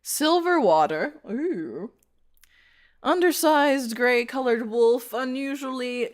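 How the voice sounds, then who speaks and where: Giggly woman streamer with a lively voice. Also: a little high. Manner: giggly, laughs often, reads chat submissions aloud. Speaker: VTuber streamer. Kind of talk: playful live-stream roleplay chat.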